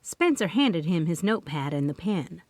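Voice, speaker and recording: A woman reading first-person audiobook narration in a lively, expressive voice on a close microphone. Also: fairly low pitch, moderate pace, dry recording.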